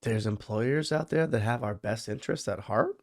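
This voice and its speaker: A man's voice: mid-range voice, normal speed, darkish tone. A male podcast host reacting to clips with sarcastic interjections. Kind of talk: reaction commentary.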